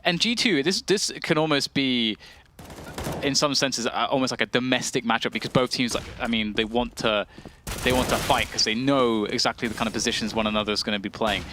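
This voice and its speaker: A man's voice: mid-range voice, brisk, background noise. A man co-commentating an esports match, chatting in a rambling way with many fillers and restarts. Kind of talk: colour commentary and chat.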